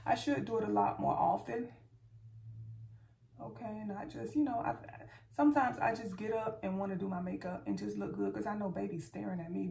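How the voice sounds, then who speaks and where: A beauty vlogger with a medium-pitched, gravelly-edged voice chats playfully through a casual get-ready-with-me session, constantly calling her viewers "y'all." She's at home with the camera set far back, so the far camera mic sounds roomy, distant, and echoey, with faint background noise.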